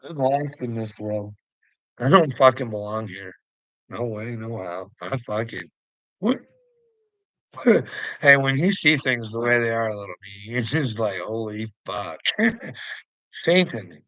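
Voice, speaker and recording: Man ranting to camera, lots of swearing and laughs, bright voice, middle pitch. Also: lively intonation, slow, pauses often, no echo, low-quality recording. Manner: profane, heated, laughing between lines. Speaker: vlogger.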